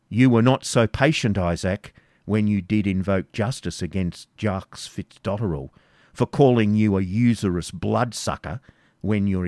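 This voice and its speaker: Storybook villain: a harsh, mocking knight-baron, voiced by a male reader, commanding and forceful, close dry sound. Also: lowish voice, no echo, lightly acted. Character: cruel, sarcastic medieval male baron.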